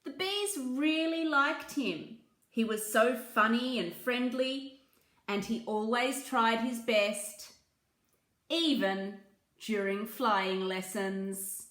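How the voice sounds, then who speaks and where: A woman reading a children's picture book aloud, slow and gentle, with asides about the pictures. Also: a little high, roomy sound. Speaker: children's story reader.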